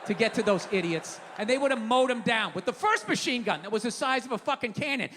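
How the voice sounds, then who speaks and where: Exasperated, profane stand-up comedian ranting. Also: male voice, extremely high pitch, lively intonation, fast, hardly any pauses, slight background noise. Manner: profane, exasperated, bursts into shouts. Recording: reverberant theater stage.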